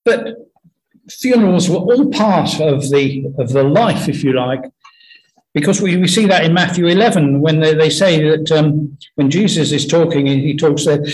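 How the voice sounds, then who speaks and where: A man giving an earnest, conversational sermon full of stories, often pausing and restarting his sentences. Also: on the high side, darkish tone, low-quality recording. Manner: earnest, anecdotal, halting with many restarts. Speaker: preacher.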